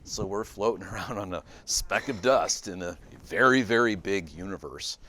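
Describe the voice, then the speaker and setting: A deep-voiced man talks casually to a small audience about spiritual ideas. He rambles, often restarts his sentences and leans on fillers, speaking to the room as a therapist leading a discussion. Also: normal speed, slight background noise. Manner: rambling, many restarts and fillers, animated when telling a joke. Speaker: psychotherapist giving a talk.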